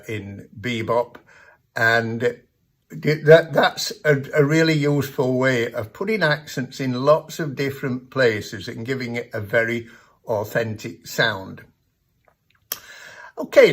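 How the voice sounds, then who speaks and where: A man giving a piano lesson, explaining technique in a measured, patient way. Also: medium pitch, a bit bright. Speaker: piano teacher. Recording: piano playing heard in the background.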